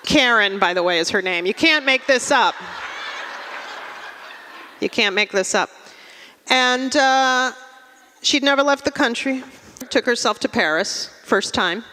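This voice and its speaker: A Russian-born woman doing a stand-up set on a theatre stage with dry, deadpan delivery. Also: a little high, unhurried, long pauses, slight background noise. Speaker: stand-up comedian. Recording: live theatre hall reverb.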